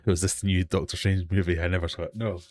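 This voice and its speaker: A man's voice: low-pitched, flat delivery, fast talker, darkish tone. A man hosting a casual live stream from his fish room, rambling and self-deprecating as he chats and runs a quiz. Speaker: host of a live fishkeeping hangout stream.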